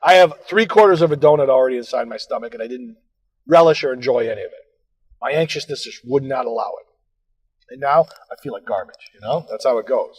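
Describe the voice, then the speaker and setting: A husky-voiced man tells a long, rambling comic anecdote at a middling pitch, drifting into profane, self-scolding rants. His voice rings with a long reverb, as if the recording was made in a big echoing room. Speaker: podcast co-host telling a story.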